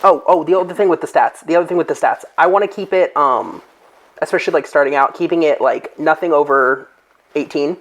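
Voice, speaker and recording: Gravelly man rambling through game plans. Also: on the high side, a little fast, a bit bright, low-quality recording. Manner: rambling, thinks aloud with many fillers. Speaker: game master. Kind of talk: casual group chat.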